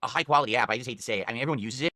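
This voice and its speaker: A man in a clip from a stream, complaining rapidly in casual talk and laughing at his own jokes. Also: medium pitch, pushed and bright, dry recording, clean studio sound.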